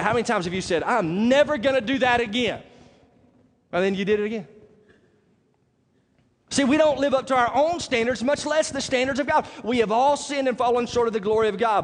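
Male pastor, thirties, animated sermon with near-shouts, long hall reverb. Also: high-pitched. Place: church sanctuary.

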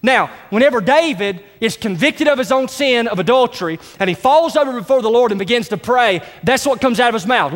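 A man's voice: sits high, normal speed, in a large hall. A man preaching a sermon as pastor, emphatic with folksy asides. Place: church sanctuary.

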